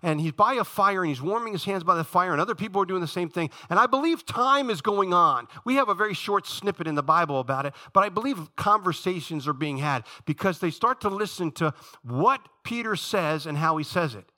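Middle-aged male pastor with a sermon voice, bright and slightly high, lively storyteller who goes hushed in prayer. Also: brisk, few pauses. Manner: animated storytelling, dropping to a low quiet tone in prayer.

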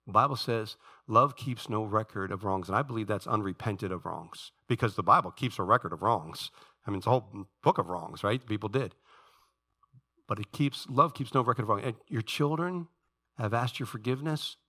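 A man pastor preaching a sermon in a church, shifting between quiet conversational asides and emphatic, rising peaks. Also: fairly low pitch, a little fast, slightly rough.

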